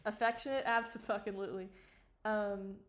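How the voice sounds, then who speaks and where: Speaking at medium pitch, a woman chats about her own work during a live stream. The tone is casual and lively, with swearing, quick laughs, and playful mock outrage.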